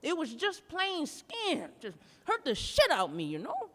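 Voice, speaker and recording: A woman's voice: high voice, huge pitch swings, measured pace, big-room sound. Woman telling a bawdy stand-up story. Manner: profane, drawling storytelling with rhythmic asides. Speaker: stand-up performer. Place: art museum performance space.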